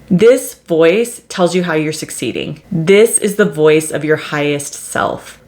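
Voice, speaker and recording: A woman hosting a solo self-help podcast, speaking in a measured, repetitive teaching tone. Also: lowish voice. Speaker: podcast host.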